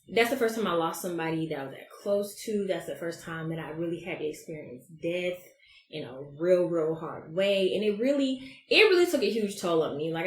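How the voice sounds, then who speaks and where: A woman, hosting her own podcast in a brash, profane, animated way. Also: on the low side, echoey room, slight background noise. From Georgia, US. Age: 30s. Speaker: podcast host. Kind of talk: casual solo podcast monologue.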